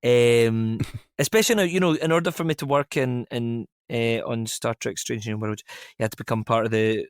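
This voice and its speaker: Guest: man, young adult, mid-pitched, dry close sound, rambling and self-mocking. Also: normal speed, clear, resonant tone, dry recording. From Scotland. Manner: self-deprecating, laughs often, rambling asides. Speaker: actor guest. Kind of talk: casual interview chat.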